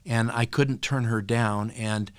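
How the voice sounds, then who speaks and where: An older man, a podcast guest, telling a story in an earnest, reflective way and pausing often with fillers. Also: medium pitch, fairly even intonation, clean tone, dry recording. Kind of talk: storytelling interview.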